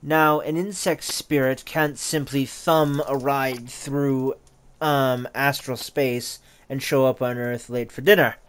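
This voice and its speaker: A man voicing a sly, theatrical painted elf who lectures in a measured, wry way in a tabletop game. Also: medium pitch, steady tone, a bit bright, clear, resonant tone.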